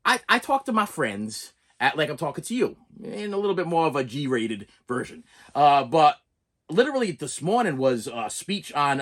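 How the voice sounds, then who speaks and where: A middle-aged man, a teacher and father, talking casually and at length to his viewers in an animated, repetitive way. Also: a little high. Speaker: preschool teacher and collector vlogger. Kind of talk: casual rambling monologue.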